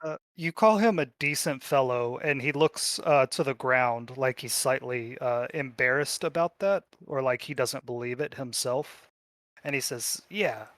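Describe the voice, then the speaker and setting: A man narrating a tabletop game as game master, telling the story in a relaxed way with fillers. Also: mid-range voice, a little slow, no echo.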